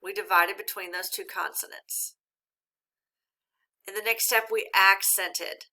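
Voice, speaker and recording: Clear, encouraging woman teaching a reading lesson. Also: medium pitch, steady tone, bright, forceful tone. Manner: slow, clear and encouraging, addressing young learners.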